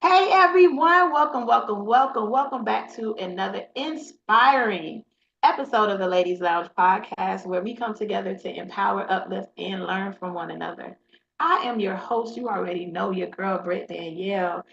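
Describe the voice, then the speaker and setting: A woman's voice: medium pitch, moderate pace, vocal fry, fairly bright tone, highs cut off, a little hiss or hum. A woman hosting a live podcast, welcoming listeners with hyped, repetitive call-outs. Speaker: podcast host. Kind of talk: live podcast opening chat.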